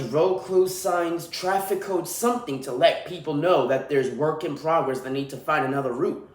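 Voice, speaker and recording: A man hosting a solo podcast, ranting in an irritated, profane way. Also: a little high. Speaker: podcast host. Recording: roomy echo.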